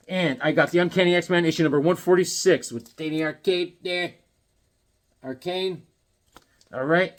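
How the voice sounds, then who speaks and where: A man in his fifties talks casually to camera in a rambling, jokey way, slipping into silly voices now and then. His voice sits a little high for a man. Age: 50s. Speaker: comic collector and hobby artist.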